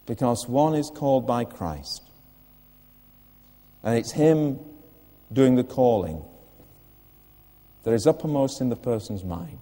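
A man's voice: medium pitch, expressive, slow, pauses often, mellow, big-room sound. An older man preaching a sermon in church, earnest, putting direct questions to the listeners.

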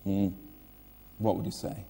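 A man's voice: sits low, expressive, measured pace, gravelly, warm tone, in a large hall. An older man preaching a sermon in church, earnest, putting direct questions to the listeners.

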